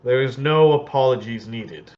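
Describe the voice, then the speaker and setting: A man's voice: medium pitch, moderate pace, darkish tone, muffled recording, natural voice. A man voicing a grizzled, wounded sea captain who speaks formally. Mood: measured.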